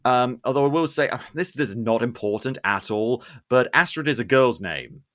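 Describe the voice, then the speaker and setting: A man hosting a podcast, recapping a film in casual chat with animated, sarcastic asides. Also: mid-range voice, normal speed. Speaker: podcast host.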